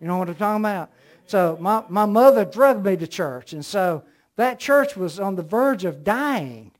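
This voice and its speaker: Middle-aged man, Southern accent, high voice, emphatic sermon delivery. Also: lively intonation, moderate pace. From American South. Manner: emphatic, storytelling preacher with rising emphasis. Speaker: preacher.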